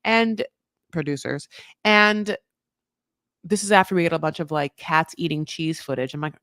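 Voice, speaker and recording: A woman's voice: sits low, moderate pace, pauses often, a bit bright, no room sound, studio quality. Sarcastic, rambling woman recapping TV. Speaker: host of a TV recap show. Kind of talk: casual live recap commentary.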